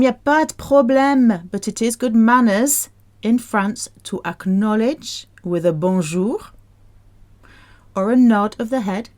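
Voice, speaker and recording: A woman leads a French pronunciation lesson at an unhurried, drawn-out pace. She repeats each word again and again in an exaggerated sing-song way, keeping things playful. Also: mid-range voice, darkish tone. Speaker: French language teacher.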